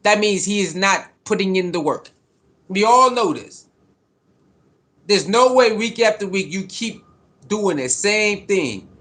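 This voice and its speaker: A man's voice: sits high, animated, a little slow, pauses often, a bit bright. Fired-up man ranting about football. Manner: fired-up, profane, repetitive. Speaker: sports commentator. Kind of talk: heated sports commentary rant.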